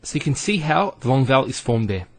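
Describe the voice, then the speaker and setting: In a recorded Arabic lesson, a man speaks deliberately, stretching his vowels to demonstrate pronunciation. His voice is medium in pitch with wide swings, and the recording has no echo.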